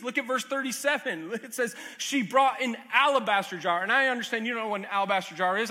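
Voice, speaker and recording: A man's voice: very high-pitched, sharp tone. A man preaching a sermon as a pastor, earnest and conversational, with asides, jokes and restarts. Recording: long hall reverb.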